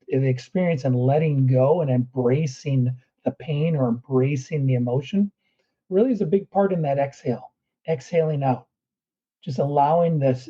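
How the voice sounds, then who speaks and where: A man's voice: medium pitch, dark tone, slightly rough, dull audio. A man who is a guest performance coach, talking earnestly through breathing steps in a podcast interview.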